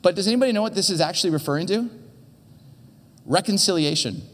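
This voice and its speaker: Speaking rapid-fire with lively intonation, a male teaching pastor gives an earnest, conversational sermon from a church stage, often tripping over and repeating words. His voice sits a little high, echoing with a large hall's long reverb.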